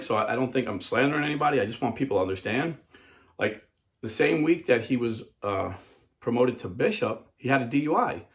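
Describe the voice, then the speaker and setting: A man hosting a casual talk show, speaking earnestly and conversationally, often acting out quotes in other voices. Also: medium pitch. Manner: frequent fillers and restarts, quotes people in put-on voices. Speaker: podcast host. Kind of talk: casual commentary.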